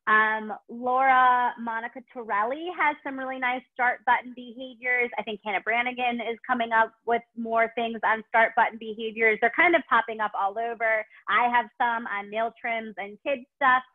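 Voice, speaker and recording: A woman's voice: a little high, steady tone, normal speed, hardly any pauses. A woman with a Chicago accent, a dog trainer answering webinar questions in a gushing, rambling way with many ums. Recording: tinny phone-like call audio.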